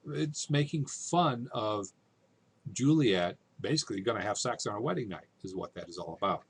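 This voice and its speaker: A man's voice: fairly low pitch, expressive, moderate pace, gravelly, breathy edge. A man teaching a literature lesson in a casual, conversational way, often checking in with his listeners.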